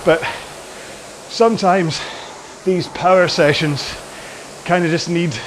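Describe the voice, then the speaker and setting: A man's voice: sits high, steady tone, slow, slight background noise. A man hosting a rowing workout from his home garage, chatting casually in a rambling, jokey and self-deprecating way during the cool-down.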